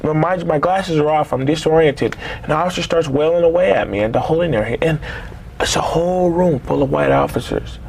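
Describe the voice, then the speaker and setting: A man in his forties, his voice gravelly and pitched a little high for a man, tells a personal story. He speaks haltingly, stopping and restarting often. Faint noise sits behind him. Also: darkish tone. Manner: halting, with many fillers and restarts.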